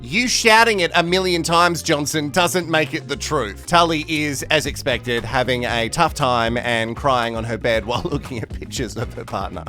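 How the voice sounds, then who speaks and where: Australian man, recap host, camp and teasing, bright voice, faint music behind. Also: mid-range voice, normal speed, few pauses. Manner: camp, chatty and teasing, laughs often. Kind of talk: comedic reality TV recap.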